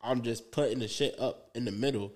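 A man's voice: medium pitch, fairly quick, a little mellow. A young man on a podcast, telling a rambling story in loose, profane slang with lots of fillers and asides. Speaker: podcast co-host. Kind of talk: casual storytelling.

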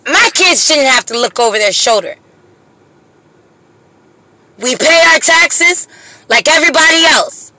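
In a dry, low-quality recording, a single mother speaks an emotional monologue to camera in a high, animated voice that sounds pushed and bright. She pleads with passion, curses often, uses slow deliberate emphasis and is close to tears at times.

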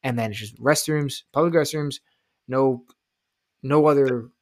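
Male co-host, casual podcast chat, profane and animated, mid-pitched, dry close sound. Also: a little slow, no room sound. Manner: profane, animated, rambling, acts out quotes loudly.

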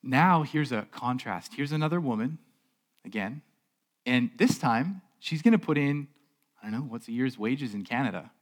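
A man's voice: medium pitch, animated, normal speed. Conversational male pastor preaching a sermon. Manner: conversational preaching with repeated words and rhetorical questions. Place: church stage.

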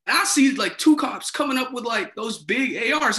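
A man telling a story in casual conversation, animated and acting out the dialogue, with many fillers. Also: very high-pitched, moderate pace, few pauses. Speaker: former resident assistant.

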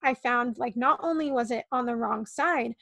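High, gravelly young woman telling her story. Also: normal speed, crowd noise. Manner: tumbling, earnest, many likes and ums. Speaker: podcast guest. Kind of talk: casual storytelling on a podcast.

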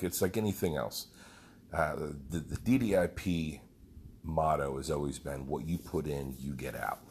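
Very deep gravelly man telling a story. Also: a little mellow, a little hiss or hum. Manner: rambling, heartfelt, profane storyteller. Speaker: fitness program leader. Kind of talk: casual storytelling monologue.

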